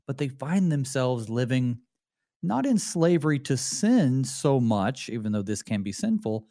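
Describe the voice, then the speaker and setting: A man's voice: mid-range voice, sing-song, a little slow, warm tone, no echo, studio quality. A man, a pastor hosting a talk show, speaking in a reflective, candid way with some fillers. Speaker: pastor and radio host. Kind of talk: conversational theology discussion.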